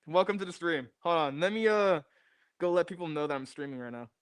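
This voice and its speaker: Streaming from his garage, a young man sounds animated and fairly quick, his voice on the high side, clear and resonant with no room sound. He chats casually and restlessly repeats phrases as he gets a new desk microphone working.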